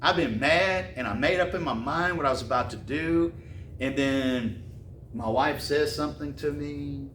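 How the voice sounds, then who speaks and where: Animated male preacher telling a story with slangy asides, recorded in a roomy space from a distance. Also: fairly high pitch, a little slow, slight background noise. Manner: animated, repeats words, chuckles, slangy asides. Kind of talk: casual sermon storytelling. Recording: roomy and distant with faint ambience.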